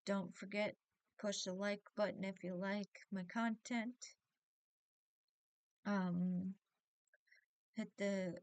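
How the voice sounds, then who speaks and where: Tearful, halting woman vlogger, smooth voice. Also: mid-range voice, little pitch movement, a little mellow, no room sound. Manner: halting, restarts often, near tears. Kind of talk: emotional personal vlog.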